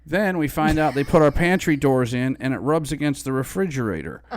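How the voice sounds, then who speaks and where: A man's voice: mid-range voice, lively intonation, fairly quick. A middle-aged man co-hosting a casual live stream from home, talking in a laid-back, blunt way with casual swearing.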